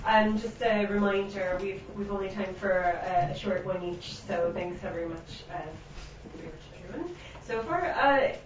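A woman's voice: medium pitch, moderate pace. A woman hosting a poetry open mic, giggly and hesitant, introducing the readers. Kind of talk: casual event hosting. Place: echoey venue, live event. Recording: echoey room, distant, noisy, dull sound.

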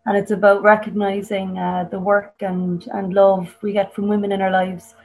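A woman's voice: medium pitch, level tone, moderate pace, gravelly, a little mellow, slight background noise, low-quality recording. Irish woman performing spoken-word poetry. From Ireland. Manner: chatty introduction, then emphatic dramatic recitation. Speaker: poet. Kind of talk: introducing and performing a poem. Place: home on the coast. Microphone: video call over a weak connection.

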